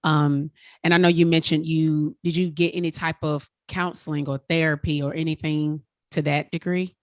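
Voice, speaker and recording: A woman's voice: sits low, little pitch movement, moderate pace, dry recording, studio quality. A woman hosting a podcast, asking questions and giving brief encouraging responses. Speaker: podcast host. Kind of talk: interview questions and affirmations.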